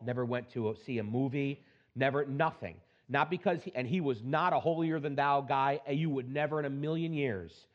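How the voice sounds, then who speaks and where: A man's voice: medium pitch, muffled recording. Conversational male pastor preaching. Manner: conversational, animated storytelling with laughs and asides. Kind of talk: sermon with scripture reading.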